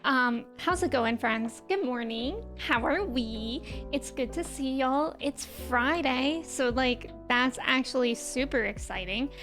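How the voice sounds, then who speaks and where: Young woman, high voice, morning voice, bubbly live-stream chatter, faint background music. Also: takes it slowly, few pauses, a bit bright. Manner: chatty, bubbly, many fillers like "um" and "like". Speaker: streamer greeting chat. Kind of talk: casual live-stream chat.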